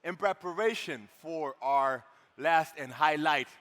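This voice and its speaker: A man's voice: fairly high pitch, slow pace. A man hosting a live conference stage, joking with the crowd and leading a clapping game. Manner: energetic, playful crowd banter. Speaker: event host. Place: large conference hall. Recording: long hall reverb.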